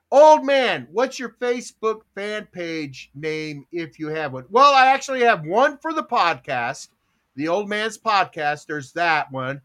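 A man's voice: high voice, very animated, unhurried, fairly bright tone. A man hosting a casual podcast, telling jokey stories and laughing at his own bits. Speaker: podcast host. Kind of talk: casual chat.

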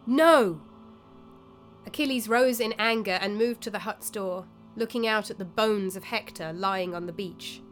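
Woman narrating a story calmly. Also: mid-range voice, moderate pace, hardly any pauses, faint music behind.

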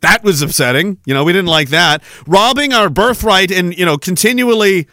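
A podcast host in a heated, sarcastic, profanity-laden rant. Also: male voice, sits high, animated, normal speed, sharp tone, no room sound, clean studio sound. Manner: heated, sarcastic, swears often.

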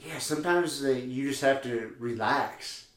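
A man's voice: medium pitch, unhurried, echoey room. A man co-hosting a podcast in casual chat, joking, laughing often and swearing freely. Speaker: podcast co-host.

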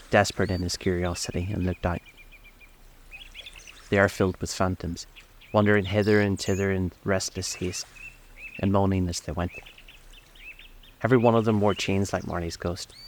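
A man narrating a classic story in a measured, even audiobook style. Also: low-pitched, slight background noise.

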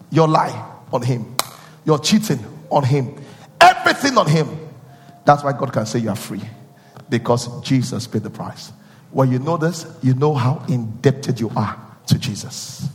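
A male preacher giving a sermon, repeating phrases and questioning his listeners, rising from quiet teaching into sung and shouted peaks. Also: mid-range voice, animated, measured pace, long pauses, long reverb tail, slight background noise.

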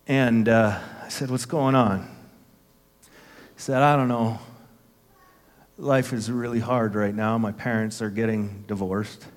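A man's voice: on the low side, fairly even intonation, a little slow, pauses often. A man in his fifties, a pastor preaching a sermon in a church, telling a personal story and acting out the voices in it with earnest conviction. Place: church sanctuary. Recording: long hall reverb.

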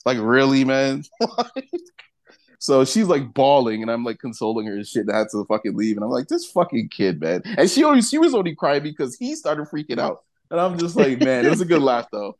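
A man's voice: medium pitch, big pitch swings, brisk, darkish tone. A man co-hosting a casual podcast, telling stories with lots of laughter and swearing. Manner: laughing, profane storytelling. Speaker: podcast co-host.

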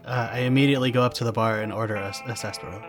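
A man playing a tabletop game, describing his spellcasting in a matter-of-fact, deadpan tone. His pitch sits in the middle range. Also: rapid-fire, music in the background. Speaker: player. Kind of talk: casual tabletop play.

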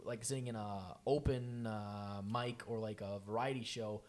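A young man in casual podcast chat, animated and swearing, acting out quotes in a raised voice. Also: on the low side, normal speed. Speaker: podcast co-host, improv performer.

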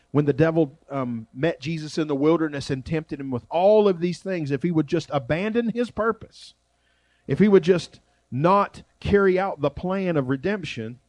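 A man preaching a sermon as pastor, shifting between loud emphasis and quiet, drawn-out phrases. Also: a little high, no room sound.

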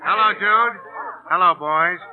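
An actor playing a gruff, skeptical male police captain in 1930s radio acting, dry and sarcastic. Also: high voice, unhurried, narrow, tinny audio. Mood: stern. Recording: scratchy 1930s radio broadcast.

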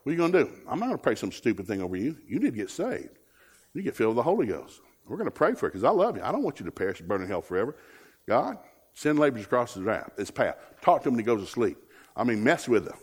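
A man preaching a lively, joking sermon as a guest speaker, with a husky voice. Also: on the low side, quick pace.

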